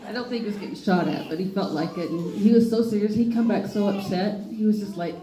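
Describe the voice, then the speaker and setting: A woman's voice: mid-range voice, brisk, hardly any pauses, mellow. An older woman giving a memorial tribute, telling stories animatedly and acting out quotes. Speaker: memorial speaker. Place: memorial service hall. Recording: echoey hall with background noise.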